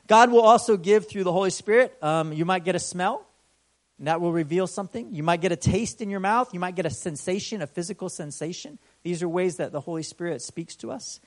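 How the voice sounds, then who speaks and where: Slightly fast and high-voiced, a man delivers a conversational sermon, dropping in frequent "right?" check-ins and lively, voiced exclamations as he tells the story.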